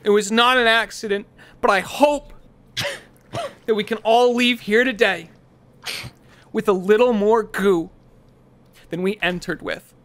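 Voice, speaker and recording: A man's voice: high-pitched, fairly even intonation, a little slow, long pauses, fairly bright tone. A man in a game role-play, giving a melodramatic, mock-solemn eulogy. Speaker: streamer playing a slime character.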